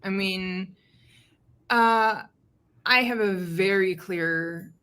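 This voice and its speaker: A woman's voice: medium pitch, drawn-out words, a bit bright, clear, resonant tone. A woman author speaking in a casual interview over a video call, chatty and laughing often as she tells stories. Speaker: author guest.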